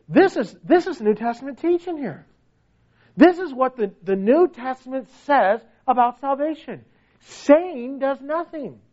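A man's voice: a little mellow, lo-fi sound. A man preaching a sermon with emphasis, asking the listeners question after question. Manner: emphatic, rhetorical questions, pitch swings widely.

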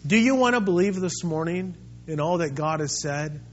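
A man preaching a sermon as pastor, swinging between quiet, intimate stretches and loud, impassioned ones. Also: a little high, animated, moderate pace, lo-fi sound, soft background music.

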